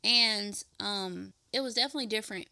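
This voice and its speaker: A woman's voice: medium pitch, brisk, creaky, pushed and bright, no echo. A young woman telling her personal testimony as a podcast host, candid and rambling with fillers and restarts.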